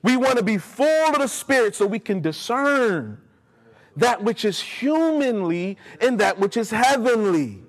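A man's voice: very high-pitched, sing-song, a little slow. A man preaching a sermon, emphatic and speaking directly to his congregation in a church. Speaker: pastor. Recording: long hall reverb.

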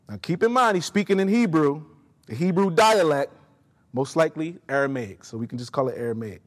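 A man's voice: fairly high pitch, lively intonation, normal speed. A man preaching a sermon, emphatic and speaking directly to his congregation in a church. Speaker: pastor. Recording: long hall reverb.

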